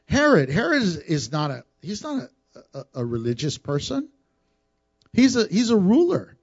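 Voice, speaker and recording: A man preaching from a church pulpit, his high voice swooping up and down as he teases the congregation. The sound is dry and a little dull. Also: moderate pace, slightly rough, no room sound. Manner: animated, teasing, playful with the congregation. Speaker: pastor. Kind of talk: sermon. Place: church sanctuary.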